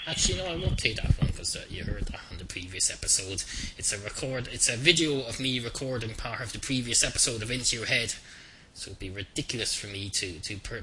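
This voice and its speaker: A man's voice: lowish voice, background noise. A man hosting his own podcast alone, rambling in a dry, self-mocking way with many fillers and restarts. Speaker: podcast host. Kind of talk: rambling solo podcast monologue. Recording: music clearly heard behind the voice. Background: background music.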